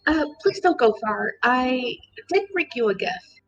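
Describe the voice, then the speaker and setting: A woman playing a character in a tabletop game, speaking haltingly and with amusement. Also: high-pitched, animated. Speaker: player. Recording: dull lo-fi mic with faint music.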